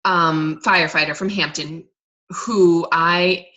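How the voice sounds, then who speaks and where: A woman talks to her team over a conference call in a loose, casual way. She restarts her sentences often and fills pauses with ums. Her voice is bright and somewhat low-pitched. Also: steady tone, dull audio. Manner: rambling, many restarts and fillers. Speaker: team coach on a group call. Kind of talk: casual motivational talk. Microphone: conference call line.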